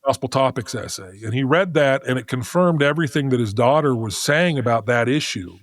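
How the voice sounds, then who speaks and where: A middle-aged man speaking as a podcast guest. He tells a story in a casual, animated way and restarts his sentences as he thinks aloud. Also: mid-range voice, fairly quick, no echo, studio quality.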